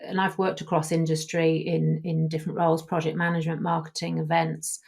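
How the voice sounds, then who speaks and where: A woman's voice: low-pitched, little pitch movement, brisk, gravelly, a little mellow, slightly rough. A woman hosting a podcast, speaking supportively and hesitantly, with many fillers, in casual interview chat. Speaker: podcast host.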